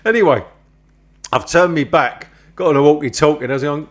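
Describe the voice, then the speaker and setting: A man's voice: mid-range voice, fast talker. Sweary man telling a story. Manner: swearing, animated anecdotes with acted-out quotes. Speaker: podcast host. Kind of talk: casual storytelling chat.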